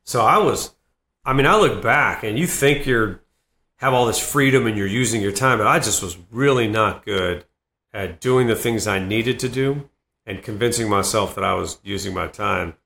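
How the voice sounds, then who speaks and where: A man's voice: lowish voice, normal speed, creaky, bright, forceful tone. A middle-aged man from Boston, a comedian guest telling rambling stories in a casual podcast interview. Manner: rambling anecdotal storytelling. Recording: roomy echo.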